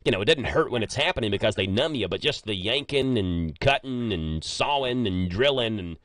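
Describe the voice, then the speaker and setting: A man's voice: lowish voice, moderate pace, dry recording. A man hosts a morning radio show, his voice swinging up and down as he jokes and tells stories. He sounds close and dry in the studio. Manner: chatty, joking, animated storyteller. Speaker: radio host. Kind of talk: casual morning radio chat. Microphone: studio microphone.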